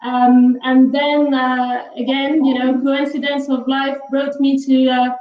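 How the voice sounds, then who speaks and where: A woman with a French accent, a cheese expert guest, speaking English haltingly with many fillers over a video call. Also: high voice, little pitch movement. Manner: hesitant, with many fillers and repeats. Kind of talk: casual interview chat. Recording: dull echoey video call audio.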